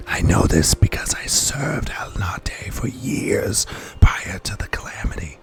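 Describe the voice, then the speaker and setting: A man's voice: low-pitched, expressive, unhurried, vocal fry, exaggerated voice. A man voicing a secretive, loyal male servant from a fantasy game in whispered role-play, urgent and conspiratorial.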